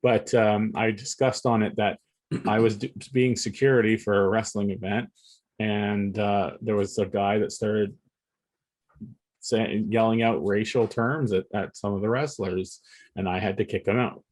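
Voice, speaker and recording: A man's voice: on the low side, steady tone, measured pace, a little mellow. A man co-hosting a casual podcast chat, rambling and restarting his sentences, laughing between points. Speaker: podcast co-host.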